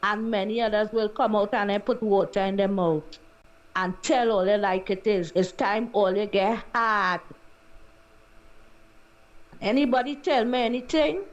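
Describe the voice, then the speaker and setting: A woman's voice: medium pitch, a little slow, pauses often, poor audio. A woman calling in with a Trinidadian accent, urging listeners in a fiery, repetitive rant. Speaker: caller. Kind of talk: call-in political rant.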